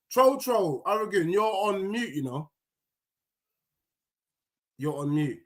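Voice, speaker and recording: A man runs a rowdy fan call-in, his pitch leaping around as he teases and cuts across callers. His voice is bright and sits fairly high for a man. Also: slow, pauses often. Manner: animated, teasing, talks over callers. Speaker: host of a fan call-in stream. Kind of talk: casual banter with callers.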